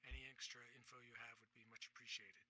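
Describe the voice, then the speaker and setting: A polite private investigator in a game leaves a businesslike phone message. His tone is very bright and crisp. His pitch sits at an ordinary middle height. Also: flat delivery, fast. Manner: courteous, businesslike. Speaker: game character.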